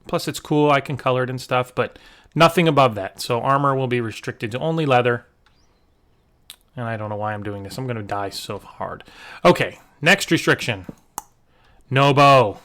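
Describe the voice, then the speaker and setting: Male gaming host, mid-pitch, casual rambling commentary over gameplay. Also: moderate pace, a bit bright. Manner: chatty, rambling with fillers and restarts. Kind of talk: casual let's-play commentary.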